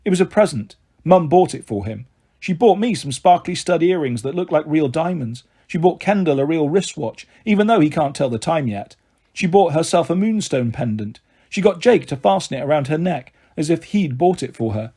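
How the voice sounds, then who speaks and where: A man reading a children's novel aloud in a steady storybook narration. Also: fairly high pitch, moderate pace, slightly rough.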